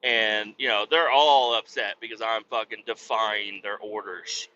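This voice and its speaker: A man's voice: fairly low pitch, fairly even intonation, measured pace, sharp tone. A man hosting a podcast, telling a story in a casual, profane, ranting way. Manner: profane, ranting, acts out others' voices. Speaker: podcast host. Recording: slightly muffled with faint hiss.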